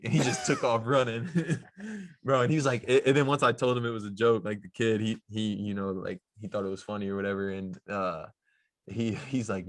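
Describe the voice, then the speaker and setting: A man's voice: mid-range voice, fairly quick, no room sound. A young man, a pro basketball player, casually telling a story on a podcast in a laid-back, slangy way with lots of fillers.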